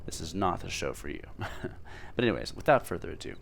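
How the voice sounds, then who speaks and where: Casting: low-voiced let's-play host, relaxed and unpolished, reads haltingly with gravel in the voice. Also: male voice, a little hiss or hum. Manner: self-deprecating, loose, halting reading with fillers. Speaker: gameplay host. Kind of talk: casual let's-play narration, reading game text aloud.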